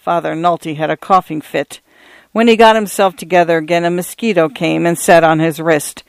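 A man narrating a literary story aloud in a measured, even way. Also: a little high, creaky, clear, resonant tone, no room sound. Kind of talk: scripted story reading.

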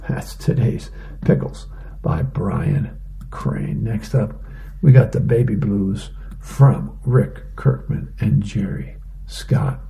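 A man reading the newspaper aloud in a plain, unhurried way for a reading program. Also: on the low side, creaky, dark tone.

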